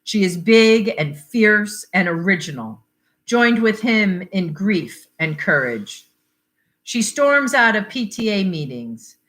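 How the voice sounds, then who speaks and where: A woman reading a literary short story aloud in a measured, expressive way. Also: mid-range voice. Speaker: library reader.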